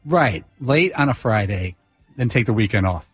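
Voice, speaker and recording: A man's voice: on the low side, animated, moderate pace, slightly rough, dry recording, faint music behind. A man on a sports talk show crew, cracking dry jokes in casual banter. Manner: dry, joking.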